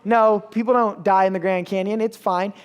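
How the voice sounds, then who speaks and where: A man's voice: sits high, fairly even intonation, normal speed, smooth, big-room sound, lightly acted. A man voicing an earnest teenage boy who begs his dean to let him join something. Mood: pleading. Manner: pleading, earnest, drops to a soft mumble when caught out.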